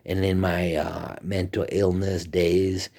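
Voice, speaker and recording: A man's voice: low voice, little pitch movement, slow, mellow. A man talking in a rambling, profane monologue that often drops to a whisper. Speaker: vlogger.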